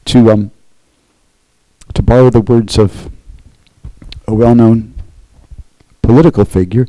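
A man's voice: lowish voice, steady tone, slow pace, pauses often, warm tone, dry recording, low-quality recording. A man preaching a sermon as pastor, earnest, often checking in with the congregation by asking "okay?".

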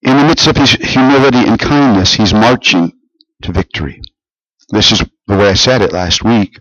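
A man preaching a sermon, explaining a scripture passage in an earnest, measured way with some restarts. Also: mid-range voice, fairly bright tone, no room sound, muffled recording. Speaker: pastor.

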